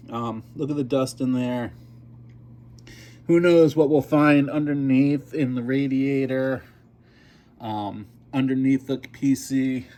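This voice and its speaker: A middle-aged man talking casually to his viewers in a rambling home vlog, filmed with a handheld camera. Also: medium pitch. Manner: chatty, rambling, addresses viewers as "you guys". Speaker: gaming YouTuber. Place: indoors at home, then outdoors in wind. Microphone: handheld camera mic.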